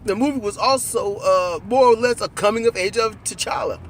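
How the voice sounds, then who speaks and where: A man in casual, animated conversation about a movie, riffing with profanity and acting out lines while riding in a car. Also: high voice, moderate pace, a little hiss or hum. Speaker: co-host.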